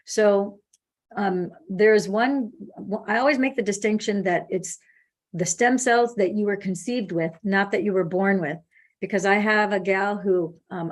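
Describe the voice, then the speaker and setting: A woman hosting a casual call, telling stories with acted-out quotes. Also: medium pitch. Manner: animated storyteller acting out quoted speech. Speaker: host. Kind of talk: casual phone consultation.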